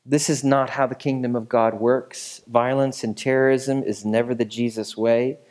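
A man's voice: medium pitch, little pitch movement, moderate pace, a little mellow. Casual, conversational male pastor. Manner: casual, conversational teaching with fillers and asides. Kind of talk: sermon.

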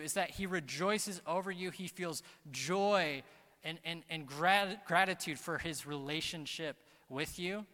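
Young guy pastor preaching, bright tense voice, slangy and fired up then hushed, big reverby church. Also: a little high. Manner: energetic, casual slang, swings from loud emphasis to soft hushed delivery. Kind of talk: sermon. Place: church auditorium. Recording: long hall reverb.

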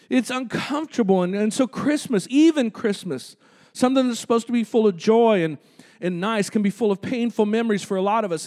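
A male pastor preaching a conversational sermon in a church, calling out to the congregation. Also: extremely high pitch. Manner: conversational preaching with audience call-outs. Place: church sanctuary.

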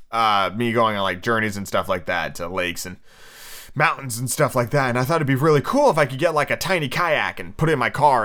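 A man's voice: mid-range voice, pushed and bright. A drunk, tired man hosting a solo podcast, rambling and swearing casually between book readings. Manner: rambling, profane, full of fillers. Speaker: podcast host.

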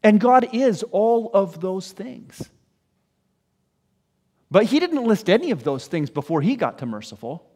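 A man preaching a sermon in an earnest way, often putting questions to his listeners. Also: high voice. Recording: echoey hall.

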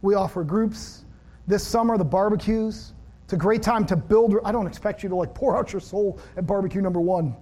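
A man's voice: sits high, brisk, dark tone. A middle-aged male pastor giving a conversational sermon, acting out phone conversations with a friend. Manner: conversational, acts out dialogue with a friend.

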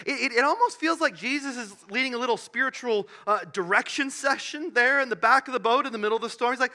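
A man delivering a sermon with a high, very bright voice that swings widely in pitch. He tells the story with animated bursts and quiet asides. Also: quick pace. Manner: animated storytelling, acting out the disciples in loud bursts and hushed asides. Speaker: pastor.

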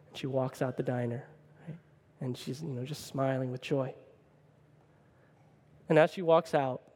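A male pastor telling a story in a sermon, animated and conversational, often checking in with the listeners. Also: on the high side, in a large hall. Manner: animated, conversational, keeps asking "right?".

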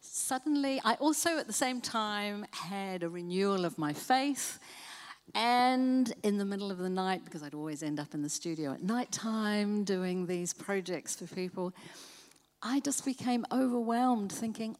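A woman's voice: on the high side, lively intonation, unhurried. Reflective New woman guest. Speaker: panel guest. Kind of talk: on-stage panel interview. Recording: hall reverb.

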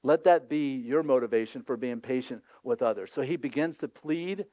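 A male pastor preaching a sermon in a lively, conversational way, acting out voices from the scripture scenes. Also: medium pitch, moderate pace, dry recording, muffled recording.

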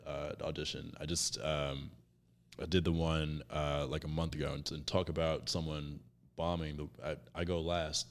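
A man, a stand-up comedian, chatting casually on a podcast and telling a story with lots of fillers and restarts. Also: a bass voice. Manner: rambling storyteller, many fillers.

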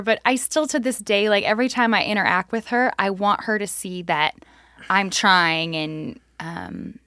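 Podcast co-host, woman, casual self-deprecating storyteller, mid pitch, dry. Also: moderate pace, bright, forceful tone, no echo. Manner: self-deprecating, laughing through stories.

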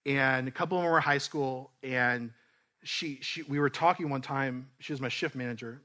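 A pastor telling a personal story in a conversational, animated sermon, often restarting his sentences. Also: mid-range voice, normal speed. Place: church.

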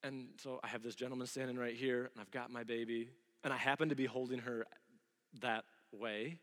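A man in his thirties preaching a sermon in a church, telling lively stories and acting out the voices of the people in them. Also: medium pitch, brisk. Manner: animated storytelling, acting out quoted voices. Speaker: pastor. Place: church sanctuary. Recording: long hall reverb.

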